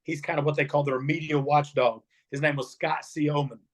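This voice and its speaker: Talking fairly quickly in a somewhat high voice, this middle-aged ex-wrestler shares stories in an interview. He acts out each character's lines with animated energy.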